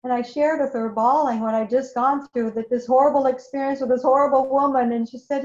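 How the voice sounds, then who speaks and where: Her voice sits high and darkish, holding a steady tone as she talks briskly with few pauses. She is a woman telling her recovery story, emotional and candid, repeating phrases again and again for emphasis, heard through an echoey, dull lo-fi room recording.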